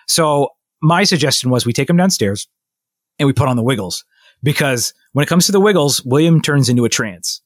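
A man casually telling a long story on a podcast, animated and full of restarts, acting out what people said. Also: mid-range voice, moderate pace, dry recording, studio quality. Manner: rambling, animated retelling with many restarts and quoted voices. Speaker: podcast co-host.

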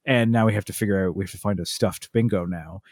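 A man's voice: low-pitched, fast talker, darkish tone, no room sound, clean studio sound. A man, chatting casually as a podcast co-host and telling long stories with many restarts and asides. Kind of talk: casual chat.

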